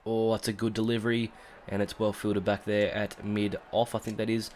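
A man with an Australian accent talks through a video game in a loose, filler-heavy commentary, his voice thick and congested from a cold. He sits slightly low in pitch and jumps into loud, excited shouts at key moments, with a faint hiss of noise behind him. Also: moderate pace. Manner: chatty, rambling with fillers, bursts into excited shouts at big moments. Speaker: gaming YouTuber. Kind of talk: casual let's-play commentary.

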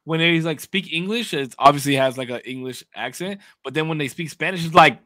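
A man co-hosting a casual livestreamed podcast, talking in an excitable, emphatic, profane way. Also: on the high side, fairly quick, no room sound. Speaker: podcast co-host.

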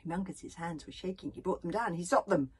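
A woman reading her own children's book aloud, dramatic and often dropping to a hush. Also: on the low side, brisk, a little hiss or hum, low-quality recording. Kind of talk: storybook reading.

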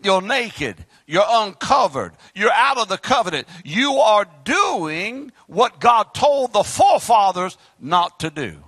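A male Southern US preacher with a high, bright, strongly swinging voice. He shouts some lines and drops into quiet asides, and the sound is dry and close. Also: big pitch swings, slow, hardly any pauses, no echo. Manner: preaching with loud outbursts and sudden quiet asides. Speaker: pastor. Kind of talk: fiery sermon. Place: church sanctuary.

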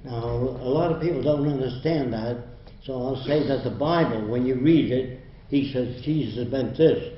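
A man's voice: medium pitch, moderate pace, a little hiss or hum. An older man giving a university lecture in a blunt, emphatic, lecturing manner. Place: lecture hall. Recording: roomy, dull lo-fi hall recording.

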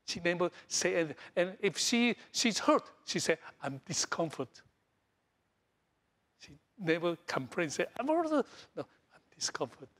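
A middle-aged man from Taiwan, a Taiwanese native speaker, preaching a sermon in broken English full of repeats and fillers, swinging between loud high bursts and soft low lines. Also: unhurried. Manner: animated, jumps between loud highs and soft lows. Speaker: pastor.

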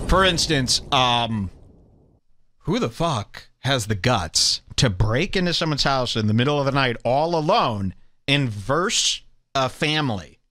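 A man's voice: medium pitch, bright, forceful tone, dry recording, clean studio sound. A man hosting a comedy podcast, ranting in a crude, mocking and sarcastic way. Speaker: podcast host.

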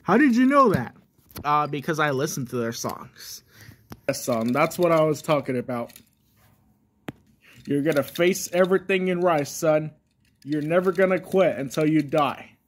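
A man's voice: fairly high pitch, lively intonation, moderate pace, long pauses, a little hiss or hum, natural voice. A man voicing a preachy father who lectures his son and keeps calling him "son.". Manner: repeats "son" constantly, lecturing.

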